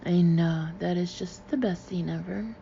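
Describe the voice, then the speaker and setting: A woman voicing a bubbly, warm young female friend talking on the phone. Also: on the low side, measured pace, gravelly, dull audio, a little hiss or hum. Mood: wistful.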